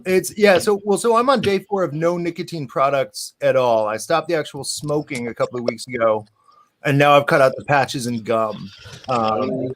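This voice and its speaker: A stream guest chatting on a video call in an animated, enthusiastic, self-mocking way. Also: mid-range voice, normal speed, a little hiss or hum. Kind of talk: casual chat.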